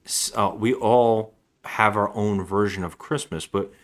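A man's voice: on the low side, steady tone, unhurried. A man co-hosting a podcast, casually recapping a movie in a rambling way, acting out the characters' lines. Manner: rambling, acts out lines in voices. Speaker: podcast co-host.

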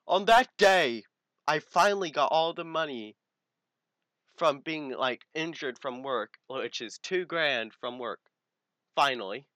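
A man's voice: a little high, lively intonation, measured pace, a bit bright, no room sound. A teenage man, telling a crude story in casual podcast chat. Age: teens. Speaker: podcast co-host.

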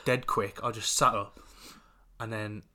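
Male podcast co-host, casual and rambling, low but bright voice. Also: little pitch movement, measured pace. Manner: rambling storyteller, many fillers. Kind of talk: casual chat.

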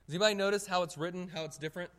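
Man, preacher, sermon, high voice, emphatic, speaks to the congregation, long hall reverb. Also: very fast. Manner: animated, emphatic, addresses the congregation directly.

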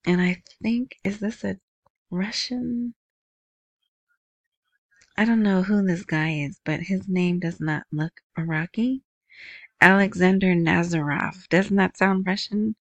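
A woman's voice: lowish voice, fairly even intonation, slow, pauses often, no echo, highs cut off. A woman hosting a casual news commentary, chatty, who often asks "right?". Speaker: video host.

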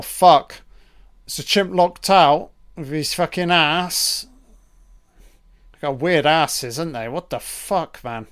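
A man with a slightly high, crisp, clear voice talks slowly through a film commentary. He swears freely and reacts with excitement to the scenes.

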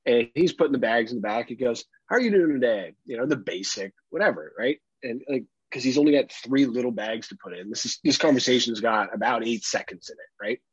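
A husky-voiced man co-hosts a podcast, spinning stories in a casual way and putting on the voices of the people in them. He laughs easily and swears freely. The sound is dry and a bit dull. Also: medium pitch, fairly quick, few pauses, dry recording. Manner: animated, acts out other people's lines, laughs often, swears casually. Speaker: podcast co-host. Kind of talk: casual storytelling chat.

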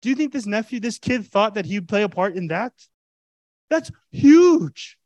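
A male pastor delivering an animated, conversational sermon, pressing his listeners with rhetorical questions. His voice sits a bit high and sounds dry and close, with little room echo. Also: fast talker.

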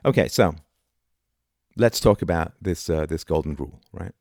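A man's voice: sits low, animated, normal speed, creaky, darkish tone, dry recording, clean studio sound. A middle-aged man giving an informal, argumentative philosophy talk, often tossing in rhetorical "right?" asides. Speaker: philosophy lecturer.

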